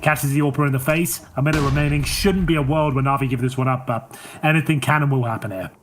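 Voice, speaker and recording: Fast energetic esports caster, man. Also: mid-range voice, a little hiss or hum. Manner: energetic, rising on big plays. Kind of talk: play-by-play commentary.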